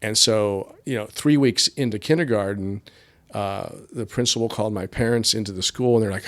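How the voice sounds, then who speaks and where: A man's voice: lowish voice, moderate pace. A middle-aged man from rural Appalachian Pennsylvania, a podcast guest telling stories in a rambling way, full of fillers and restarts. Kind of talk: casual interview storytelling.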